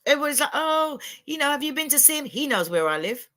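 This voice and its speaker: A woman's voice: high-pitched, big pitch swings, quick pace, bright, forceful tone. A woman, telling blunt, emphatic stories as a guest on a livestream panel. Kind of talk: candid livestream chat.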